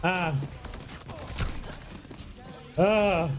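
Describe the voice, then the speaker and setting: A young man with a fairly high voice streams a game live at normal speed, with background noise behind him. He's excitable, chatting to viewers, yelping and apologizing as he plays through his live gameplay commentary.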